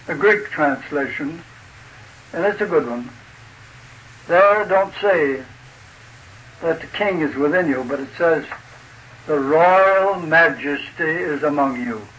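A man preaching a sermon in a slow, deliberate, folksy way, asking his listeners rhetorical questions. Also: on the high side, fairly bright tone, a little hiss or hum, low-quality recording. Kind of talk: sermon explaining a chart.

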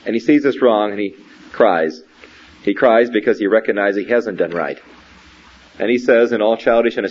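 A man giving a sermon in an earnest, questioning, measured way, speaking directly to a young believer. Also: lowish voice, darkish tone. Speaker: preacher. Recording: dull lo-fi recording.

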